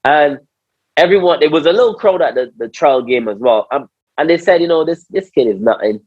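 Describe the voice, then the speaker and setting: Interviewed casually, this Barbadian ex-cricketer spins animated stories, repeats words, imitates what others said, and throws in "bro". His voice sits a little high and runs a little fast, and the podcast recording is dry, slightly dull, and echo-free.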